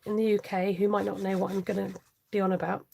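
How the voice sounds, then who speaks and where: A woman's voice: mid-range voice, little pitch movement, fast talker, vocal fry, warm tone. A woman hosting a live craft tutorial, chatty and giggly as she reads out viewer comments. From United Kingdom. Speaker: crafting channel host.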